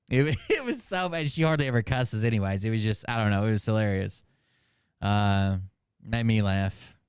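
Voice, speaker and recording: A man's voice: fairly low pitch, clear, resonant tone, dry recording. Middle-aged man, casual profane storyteller, clean resonant voice, dry close sound. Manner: animated, profane, laughs at his own stories. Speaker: host.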